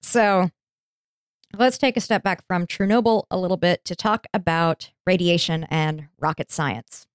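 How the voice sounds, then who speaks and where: A woman hosts a podcast and tells a history story in a loose, chatty way, swearing now and then. Her voice sits low and sounds smooth and clear. The sound is dry and close. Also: measured pace, dry recording. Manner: chatty, informal, swears casually. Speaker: podcast host. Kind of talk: casual storytelling.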